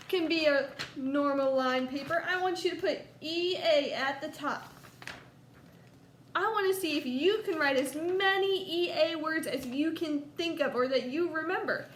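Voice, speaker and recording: Slow, patient high-voiced woman teacher. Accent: Southern US. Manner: slow, patient, coaxing, stretches out words. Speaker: first grade teacher. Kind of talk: recorded distance-learning lesson for young children. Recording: echoey room, faint background noise.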